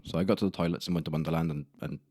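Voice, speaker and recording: Low-voiced young man rambling. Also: fairly even intonation, very fast, warm tone, a little hiss or hum. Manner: rambling, self-deprecating, casual swearing. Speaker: podcast host. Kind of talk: solo podcast storytelling. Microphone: camera mic in a room.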